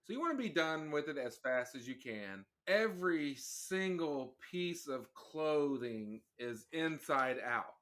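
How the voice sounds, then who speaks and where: A man appearing as a guest on a casual podcast chat, talking in a plainspoken, measured, self-deprecating way. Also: fairly high pitch, animated, fairly bright tone.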